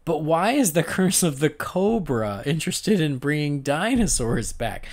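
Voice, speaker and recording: Animated podcast host with a lively voice. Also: male voice, a little high, unhurried. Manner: animated, laughs often, acts out his reactions. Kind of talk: casual chat.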